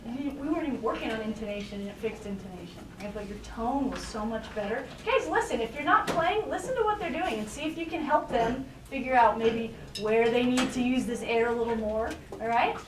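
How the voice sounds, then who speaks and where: Female guest conductor, high voice, upbeat coach; roomy, distant, noisy rehearsal-room sound. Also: expressive, a little fast, few pauses. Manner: encouraging, explains with everyday comparisons. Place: school band rehearsal room.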